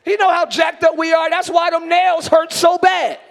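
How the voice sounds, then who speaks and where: A hoarse man preaching a shouted sermon as pastor, hollering in rhythmic repeated phrases and calling out to the congregation, recorded live in a large church. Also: very high voice, level tone, moderate pace, some chatter behind. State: hoarse from screaming. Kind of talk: shouted Pentecostal-style sermon. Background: church band music.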